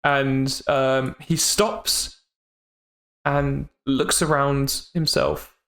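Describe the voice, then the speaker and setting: A man narrating a tabletop game as game master, halting and quick to laugh. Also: medium pitch, little pitch movement, fairly bright tone, reverberant. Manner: halting, laughs often, uses fillers.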